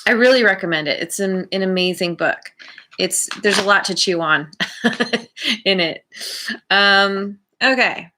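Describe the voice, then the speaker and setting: A woman giving a tarot reading for her channel, musing aloud in a slow, rambling way with many restarts. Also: medium pitch, noisy background. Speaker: tarot reader.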